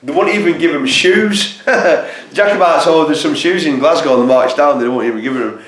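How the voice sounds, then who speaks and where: A man's voice: fairly high pitch, moderate pace, fairly bright tone, echoey room, rough recording. A man telling history in a loose, rambling way, swearing freely and often correcting himself. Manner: rambling, profane, self-correcting. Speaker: storyteller. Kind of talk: casual history storytelling.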